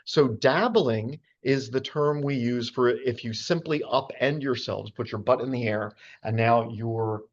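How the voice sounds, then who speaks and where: A man's voice: mid-range voice, a little slow, few pauses, slight background noise. Man, chatty birding lecturer, muffled lo-fi audio. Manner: chatty, many fillers and asides. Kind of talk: casual slide talk on birds. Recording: dull lo-fi sound.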